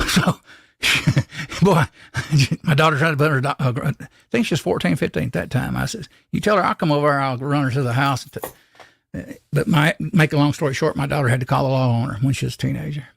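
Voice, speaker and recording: A man's voice: on the high side, a little fast, creaky, husky, dry recording, studio quality. An older man, hosting a casual live stream and telling rambling, folksy stories with frequent restarts.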